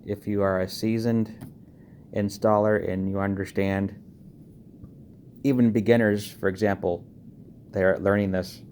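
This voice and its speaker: A man giving a casual how-to walkthrough on car audio wiring, talking quickly and checking in with frequent "okay"s. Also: fairly low pitch, flat delivery, a little mellow, a little hiss or hum. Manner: talks fast, checks in with frequent okays.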